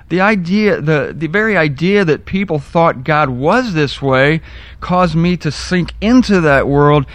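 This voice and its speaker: A man with a slightly high voice preaches a storytelling sermon. He is animated and presses into indignant emphasis. The recording is dry and close, with no room sound. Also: no echo.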